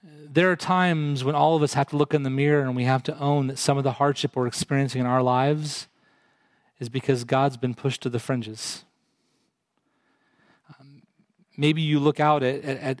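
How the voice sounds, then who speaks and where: A man's voice: medium pitch, dry recording. A man preaching a sermon, earnest, putting direct questions to his congregation. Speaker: pastor.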